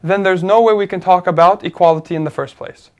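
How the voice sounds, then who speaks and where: A man with a fairly high speaking voice leads a relaxed talk show discussion. He works through an argument step by step, pausing on fillers and restarting sentences as he thinks aloud. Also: muffled recording. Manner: thoughtful, explaining step by step with many fillers and restarts. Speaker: co-host. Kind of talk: conversational discussion.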